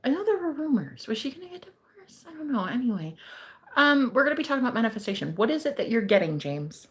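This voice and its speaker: A woman's voice: on the high side, big pitch swings, quick pace, a bit bright. A young woman hosting a casual livestream as a psychic reader. She chats with viewers, laughs often and swears casually.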